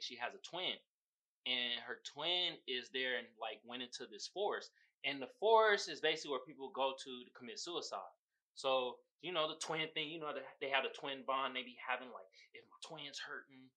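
A young man with a Californian accent hosting a casual podcast, telling stories loudly and animatedly with laughter and profanity. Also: medium pitch. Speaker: podcast host. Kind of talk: casual solo podcast chat.

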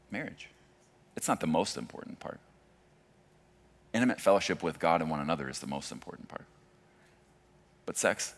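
A man in his forties, a pastor preaching a sermon in a conversational way that swings from hushed to loud. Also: deep voice.

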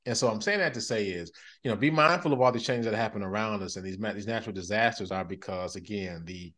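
A man in his thirties co-hosting a podcast, telling stories in a loose, animated way and laughing often. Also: on the low side, fast. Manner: animated storyteller, laughs often, acts out quotes. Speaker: podcast co-host. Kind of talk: casual chat.

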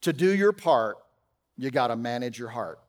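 A man preaching a sermon as pastor, conversational, with humorous asides, swinging from loud emphasis to quiet. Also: mid-range voice, expressive, normal speed, in a large hall. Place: church auditorium.

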